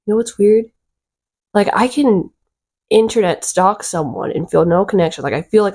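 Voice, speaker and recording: A woman vlogger telling a rambling, excitable storytime, full of fillers and little giggles. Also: on the low side. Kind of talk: casual storytime chat.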